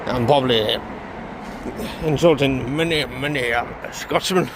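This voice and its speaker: Man, slow rambling vlog talk, tired, halting, faint noise behind. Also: mid-range voice. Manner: rambling, halting, self-correcting. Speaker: vlogger. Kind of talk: casual vlog monologue.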